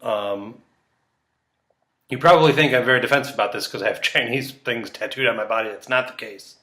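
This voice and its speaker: A man's voice: medium pitch, fairly quick, sharp tone, echoey room. A young man doing casual solo chess commentary, rambling and joking with frequent laughs, tired late at night.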